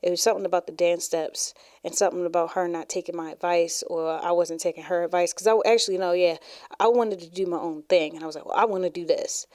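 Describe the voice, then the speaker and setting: A woman with a lowish, warm, mellow voice rambles through stories from her school days, dropping "like" every few words. She sounds close to the mic in a small, dry room. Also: fairly even intonation, quick pace, no echo. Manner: chatty, rambling, many "like" fillers. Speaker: podcast host. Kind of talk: casual storytelling.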